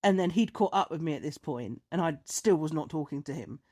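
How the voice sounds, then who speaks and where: Animated woman telling stories. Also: low-pitched, fairly quick. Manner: animated storyteller, acts out dialogue in raised voice. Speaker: podcast co-host. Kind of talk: casual chat, storytelling.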